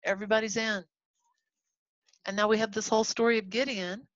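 A woman from Texas teaching a casual Bible lesson to a class, animated and chatty, acting out the people in the story as she goes. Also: medium pitch, a little fast, no room sound. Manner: animated, acts out quoted voices, chatty asides. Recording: dull lo-fi recording.

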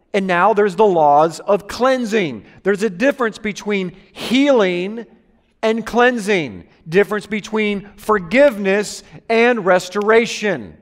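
High-voiced preacher in an echoey hall. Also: male voice. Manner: joking with the congregation, drawing amens and laughs. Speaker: pastor. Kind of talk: sermon. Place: church hall with congregation.

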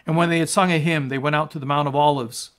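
A male pastor giving a sermon and reading scripture, emphatic and rising to loud peaks on quoted lines. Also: fairly high pitch, fairly even intonation, fast talker. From United States.

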